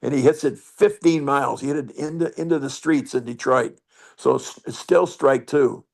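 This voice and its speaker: A man's voice: medium pitch, normal speed, gravelly, a little mellow. An older man telling rambling, salty stories as a guest on a video call. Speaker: guest storyteller. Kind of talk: anecdote over video call.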